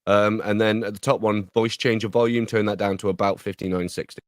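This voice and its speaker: A man co-hosting a podcast pre-show, casually talking through software settings with lots of ums and easy laughter. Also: on the low side, little pitch movement, a little fast, no room sound, clean studio sound. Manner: laughs easily, explains tech with many ums. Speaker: podcast co-host.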